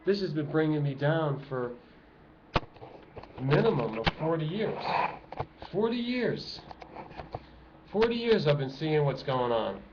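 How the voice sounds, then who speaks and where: Speaking in a fairly high, very animated voice, this middle-aged man delivers his fervent sermon a little slowly, pausing often. He's an activist vlogger addressing viewers from home while kids are close by, and the lo-fi recording sounds dull and noisy.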